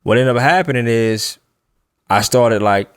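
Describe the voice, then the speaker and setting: A man in a relaxed podcast chat, telling a story in a loose, easygoing way and laughing often. His voice sits at a middle pitch and sounds dry and close, with no room around it. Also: a little slow, smooth, dry recording. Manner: laid-back, laughs while telling a story. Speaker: podcast co-host.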